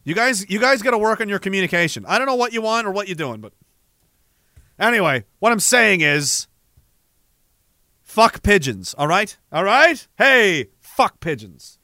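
A young man rambling comedically to a live audience in a profane, animated way, reading viewer messages and breaking into sudden shouts. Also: high-pitched, normal speed, no echo, studio quality. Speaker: live streamer.

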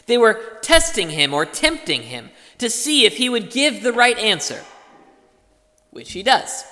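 A man preaching a sermon as pastor, explaining things in a deliberate teaching way. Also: high voice, sharp tone. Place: church. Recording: long reverb of a church hall.

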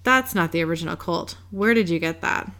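Taunting female demon, low and gravelly, read by a woman. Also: a little fast, a bit bright. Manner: mocking, teasing.

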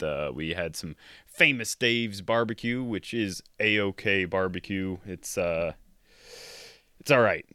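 A man's voice: sits low, pushed and bright, no room sound, clean studio sound. A man co-hosting a podcast, rambling in laid-back, casual chat. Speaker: podcast co-host.

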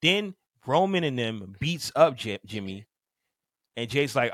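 A man's voice: medium pitch, very animated, unhurried, a bit bright, no echo. A man co-hosting a podcast in casual chat, laid-back, acting out quotes in slang. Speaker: podcast co-host.

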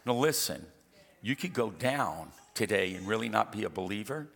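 A man's voice: on the low side, animated, normal speed, creaky, a bit bright. A middle-aged man preaching a sermon as pastor, emphatic and repetitive, with humorous asides. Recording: long reverb of a large hall.

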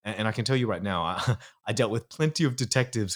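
A man with a fairly low voice speaks fast as a psychologist guest on a podcast interview. He explains things earnestly and sometimes slips into acting out inner voices.

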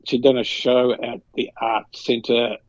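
A man's voice: medium pitch, little pitch movement, slow pace, dry recording, highs cut off. Man telling rambling stories. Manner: rambling anecdotes, acts out quoted voices. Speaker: guest. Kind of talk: casual storytelling chat.

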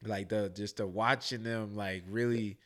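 Man, young adult, podcast co-host, loose profane talk, smooth resonant voice. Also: on the low side, fairly even intonation, a little slow. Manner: loose, profane, gets loud and worked up. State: sleepy from drinking. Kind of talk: casual podcast chat.

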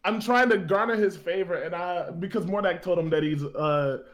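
Brief: male player, high voice, casual and quick. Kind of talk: casual chat.

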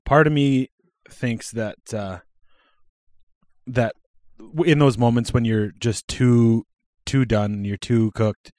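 A man's voice: mid-range voice, no room sound, clean studio sound. A man co-hosting a casual podcast, telling rambling stories with easy laughter. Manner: laid-back, rambling storytelling with laughs. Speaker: podcast co-host. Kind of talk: casual chat.

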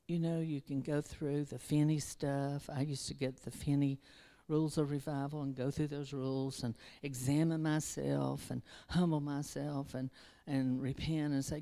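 A woman with a low voice delivers an informal sermon. She wanders and restarts herself in a conversational way, then presses into fervent exhortation. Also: mellow. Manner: self-interrupting, restarts verses. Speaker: preacher.

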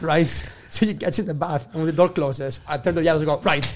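A man with a fairly high voice tells a rowdy anecdote on a comedy podcast. He acts out each person in the story, swears freely and keeps breaking into laughter. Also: fast, hardly any pauses, slight background noise. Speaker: guest comedian. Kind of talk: casual storytelling.

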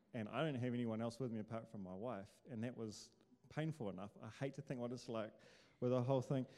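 A man's voice: mid-range voice, mellow. A man preaching a casual sermon, chatty and joking, firing off rhetorical questions. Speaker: pastor. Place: church hall. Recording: long hall reverb.

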